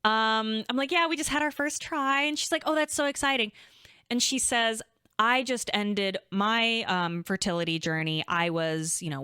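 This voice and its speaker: Chatty woman with a bright, crisp voice. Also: on the low side, no echo, clean studio sound. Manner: animated, chatty, swears freely, acts out quotes. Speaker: podcast co-host. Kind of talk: casual storytelling chat.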